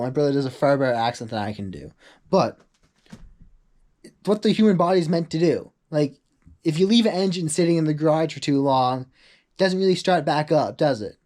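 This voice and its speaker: A young man talking casually in a rambling vlog monologue, full of "like" asides, acting out quoted people in a higher voice. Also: a little mellow. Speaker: vlogger.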